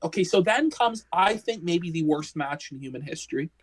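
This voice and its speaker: A woman's voice: fairly low pitch, animated, moderate pace, slightly rough, poor audio. A woman co-hosting a casual wrestling discussion stream, ranting with heavy swearing and exasperation. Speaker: podcast co-host.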